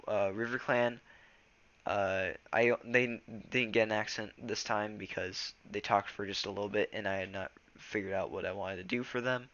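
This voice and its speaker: A man's voice: fairly low pitch, steady tone, moderate pace, pushed and bright, highs cut off. A teenage boy reading a novel aloud and then chatting casually, stumbling over words and restarting them. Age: teens. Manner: loose, rambling chat with fillers. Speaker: reader.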